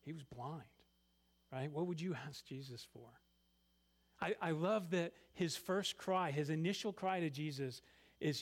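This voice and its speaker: Animated male preacher. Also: on the high side, a little slow. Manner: animated, swings between loud emphasis and quiet asides. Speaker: pastor. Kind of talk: sermon.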